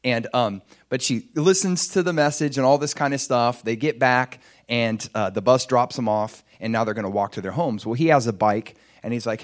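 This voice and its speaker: A male preacher tells a story in a lively, swooping voice of middling pitch. He chuckles as he goes and acts out the quotes, in a relaxed sermon style. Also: moderate pace.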